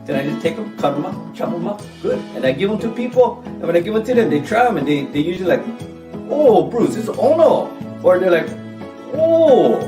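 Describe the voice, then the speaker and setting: A man's voice: high-pitched, very animated, fairly quick, roomy sound, far from the mic, over music. A man putting on a heavy Hawaiian Pidgin accent for a joking recipe video, chatty and playful. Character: exaggerated laid-back island guy, male adult. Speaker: home cook in a recipe video.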